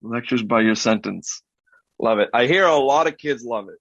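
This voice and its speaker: A man hosting a podcast, chatting casually and telling lively stories, acting out other people's lines. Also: mid-range voice, normal speed, creaky, no room sound. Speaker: podcast host. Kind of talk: casual storytelling chat. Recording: dull, dry-sounding audio.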